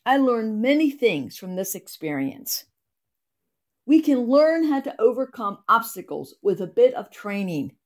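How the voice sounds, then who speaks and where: Woman reading her own devotional blog out loud, slow, voice goes up and down a lot, earnest. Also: a little high. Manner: expressive, earnest storytelling read. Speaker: ministry blog writer.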